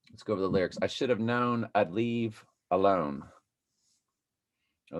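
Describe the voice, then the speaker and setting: A man hosting a commentary video, rambling and halting as he talks to his viewers. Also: deep voice. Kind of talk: casual commentary over clips.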